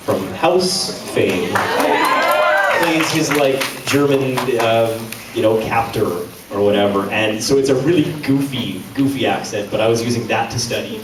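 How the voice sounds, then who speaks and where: A man's voice: on the low side, unhurried. A man, a voice actor on a convention panel, chatting casually and self-deprecatingly to the audience, heard from far off in an echoey hall with background noise. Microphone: audience camera from a distance.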